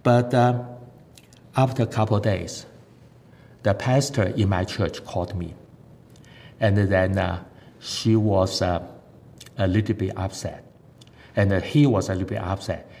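A man giving a sermon testimony, earnest and halting, with frequent fillers and non-native grammar. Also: steady tone, gravelly, darkish tone. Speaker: lay preacher giving testimony. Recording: echoey hall with faint rumble.

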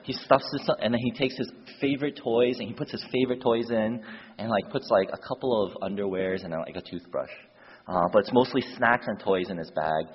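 A man preaches a sermon through a lively story, switching voices for each character and dropping casual fillers. His voice is lowish, fairly quick, and slightly rough. The recording is dull and lo-fi, in a reverberant church hall.

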